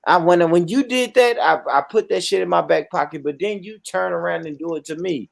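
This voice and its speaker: A man hosting a casual online panel chat, animated and slangy, often repeating himself. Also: high-pitched, fairly quick, gravelly, no room sound, studio quality. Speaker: panel host.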